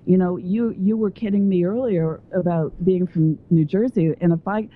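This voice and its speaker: A woman with a lowish voice talks at length over a tinny phone line. She rambles and digresses from one point to the next. She speaks as a guest author on the call. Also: moderate pace, few pauses. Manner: talkative and digressive. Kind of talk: phone interview.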